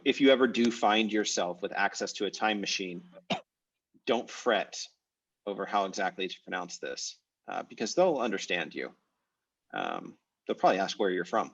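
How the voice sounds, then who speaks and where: A man's voice: on the low side, fairly bright tone, breathy edge, distant mic. A man teaching an online language class with an American accent, talking in a chatty, rambling way with many fillers. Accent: American English. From United States. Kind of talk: casual online class discussion. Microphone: video call. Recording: muffled video call audio.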